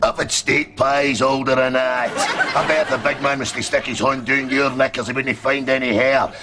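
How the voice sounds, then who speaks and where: An actor playing a crude, menacing Scottish hard man, with a deadpan Scottish accent. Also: medium pitch, normal speed, over a noisy crowd, very noisy, lightly acted.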